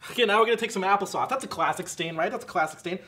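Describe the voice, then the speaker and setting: A man playing a fast-talking infomercial pitchman whose rambling salesman patter, full of "okay?", keeps sliding into bitter rants about his marriage. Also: pushed and bright, slight background noise. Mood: unhinged angry. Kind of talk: comedic infomercial parody.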